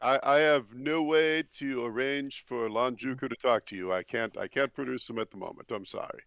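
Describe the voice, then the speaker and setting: Gravelly hesitant male player. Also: mid-range voice, moderate pace, a bit bright, no echo. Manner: hesitant, stammering. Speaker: tabletop game player. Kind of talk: casual chat. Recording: dull lo-fi recording.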